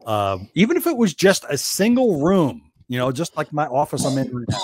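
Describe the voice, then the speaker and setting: On a podcast, a guest from New Jersey spins stories in relaxed chat at a moderate pace, his voice on the high side with a breathy edge. He brings the stories to life by acting out the quotes. The sound is dry.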